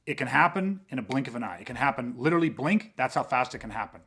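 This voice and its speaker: A man hosting a podcast, talking with intensity, swearing freely and acting out quick street confrontations to make his point. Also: medium pitch, expressive, a bit bright, slightly rough. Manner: emphatic, swearing, acts out street exchanges. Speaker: host.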